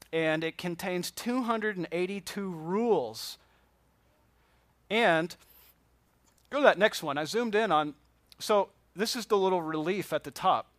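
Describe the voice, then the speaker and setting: A man's voice: sits high, no room sound. A man teaching a Bible class from slides, talking casually and asking the class questions. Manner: conversational, asks the class questions.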